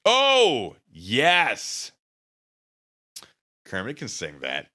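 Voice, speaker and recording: A man's voice: medium pitch, wildly swooping pitch, extremely slow, bright, forceful tone. A man chatting casually on a live stream, rambling and hesitant, with many fillers.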